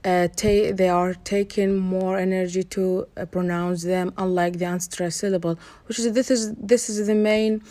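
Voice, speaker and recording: A woman lecturer giving a recorded online lesson, explaining slowly and repeating herself, with frequent pauses. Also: medium pitch, mellow. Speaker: university lecturer.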